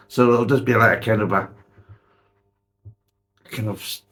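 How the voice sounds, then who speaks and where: A man's voice: on the low side, fairly even intonation, unhurried, pauses often. Blunt, sarcastic man. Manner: blunt, sarcastic, swears freely. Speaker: beer reviewer. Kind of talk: casual spoken review.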